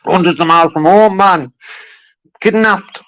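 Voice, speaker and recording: A man's voice: high-pitched, measured pace, fairly bright tone, no room sound, poor audio. A man making a heated phone complaint, insistent and repetitive, filling his talk with "you know what I mean". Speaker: caller.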